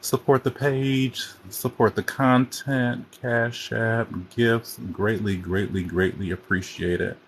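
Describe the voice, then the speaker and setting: A man's voice: mid-range voice, steady tone, takes it slowly, hardly any pauses, a little hiss or hum. A man hosting a casual livestream chat on his phone, rambling and chatty as he jumps from topic to topic. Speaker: host.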